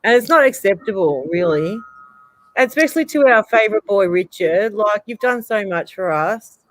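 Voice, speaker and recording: A man's voice: high-pitched, animated, normal speed, fairly bright tone. A man co-hosting a live stream, earnest and supportive, swearing casually. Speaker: co-host.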